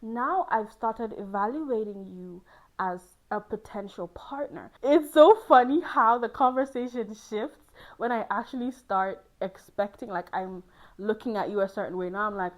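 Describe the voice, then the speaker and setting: A young woman chatting casually to camera as a host, lively and laughing often, jumping into high squealing exclaims. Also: normal speed, low-quality recording. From Ghana.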